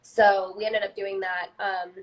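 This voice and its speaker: A young-sounding woman chats on a live stream about her acting work in a relaxed, giggly way. She is loose and unscripted, with frequent laughs and plenty of ums and likes. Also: mid-range voice, measured pace, highs cut off. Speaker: actress. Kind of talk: casual live-stream chat.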